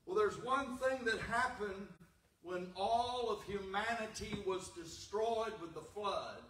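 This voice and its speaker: A man preaching a Pentecostal sermon as pastor, swinging from loud, emphatic lines to hushed, low ones. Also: unhurried, a little hiss or hum. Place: church sanctuary. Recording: echoey church hall from far off.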